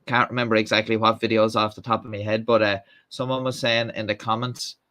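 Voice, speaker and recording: A young Irish man hosts a live stream, chatting casually and reading out viewer comments in a rambling way full of fillers and restarts. His voice is lowish, pushed and bright, with a flat delivery and a slightly fast pace.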